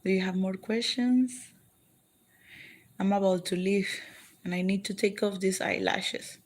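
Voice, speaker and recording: A woman's voice: mid-range voice, steady tone, a little slow. A Colombian woman with a Colombian accent chatting casually on a livestream, answering viewer comments and switching between English and Spanish. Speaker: livestream vlogger.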